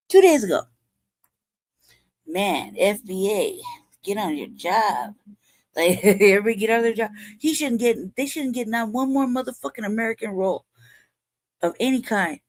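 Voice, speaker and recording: A woman's voice: medium pitch, expressive, moderate pace, pauses often, darkish tone, no room sound. A woman in her forties from California, hosting a commentary show and ranting angrily with heavy profanity. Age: 40s. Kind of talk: heated livestream commentary.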